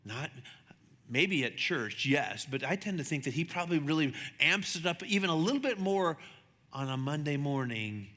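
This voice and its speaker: A man preaching a sermon as a pastor, chatty and animated, acting out the voices in his stories. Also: moderate pace. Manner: conversational, animated, acts out dialogue with shifting pitch. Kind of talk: sermon with storytelling. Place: church sanctuary. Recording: long hall reverb.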